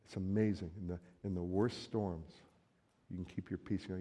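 A man preaching a sermon in a relaxed, conversational way, joking with the congregation and acting out everyday quotes. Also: low voice, normal speed, husky. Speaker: pastor. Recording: long hall reverb.

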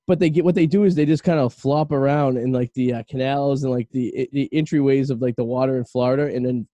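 Podcast host, male, quick and mellow, rambling comic storyteller. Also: medium pitch, steady tone, no room sound. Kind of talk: casual comedy chat.

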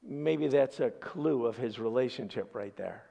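A male pastor preaching a sermon as an animated storyteller with dramatic pauses. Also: mid-range voice, vocal fry.

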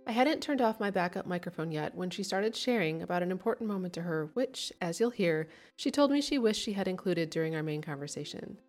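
A woman's voice: on the low side, expressive, brisk, hardly any pauses, faint music behind. A woman podcast host closing an interview and narrating the outro, grateful in her thanks. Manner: warm, grateful sign-off.

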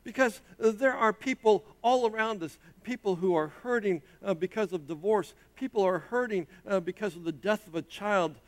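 Brief: middle-aged male pastor, high-pitched voice, emphatic sermon delivery with rises and hushed drops. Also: normal speed, few pauses. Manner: emphatic preaching, rising and dropping in pitch and loudness.

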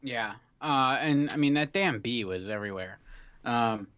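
A man's voice: medium pitch, a little slow, fairly bright tone, clear, resonant tone, highs cut off. A man co-hosting a podcast in casual, joking chat. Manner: joking, teasing. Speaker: podcast co-host.

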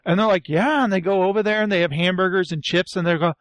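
A man's voice: sits high, fast, no room sound. A man chatting casually on a comedy podcast, retelling a TV show and acting out the people in it. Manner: animated storyteller, acts out quotes in put-on voices.

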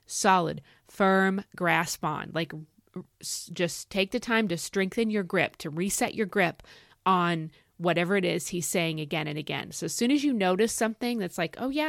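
A woman podcast host teaching from the Bible in an excited, folksy, emphatic way. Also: fairly low pitch, dry recording, studio quality. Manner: animated, folksy, emphatic with y'all.

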